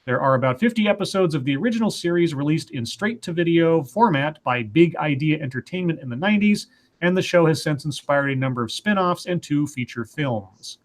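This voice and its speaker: A male co-host with a slightly higher voice reads articles aloud. Between passages he adds dry, wry asides in a casual tone. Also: animated, a little fast. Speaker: co-host reading news stories.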